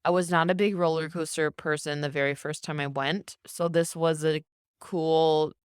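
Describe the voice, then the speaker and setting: A young woman with a fairly low voice co-hosts a casual podcast. She talks eagerly and at length. The sound is close and dry, with no room echo. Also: steady tone, normal speed, clear, resonant tone. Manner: enthusiastic, talkative. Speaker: podcast co-host. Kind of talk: casual chat.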